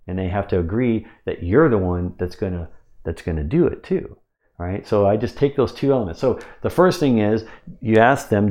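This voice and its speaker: A man's voice: lowish voice, moderate pace, a little mellow. A man coaching on sales technique in a casual teaching monologue, talking conversationally with frequent restarts and asides of "right?".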